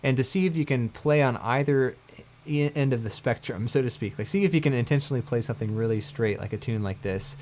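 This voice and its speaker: A man giving a casual livestream mandolin lesson, talking in a relaxed, rambling way and correcting himself often. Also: medium pitch, brisk, a little hiss or hum. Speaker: mandolin teacher. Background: mandolin playing between phrases.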